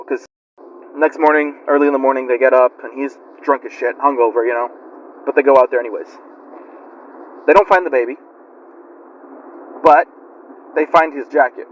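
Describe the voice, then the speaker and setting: A man's voice: medium pitch, normal speed, pauses often, a little hiss or hum. A man telling a spooky story in a rambling, chatty way with lots of fillers. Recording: lo-fi muffled recording.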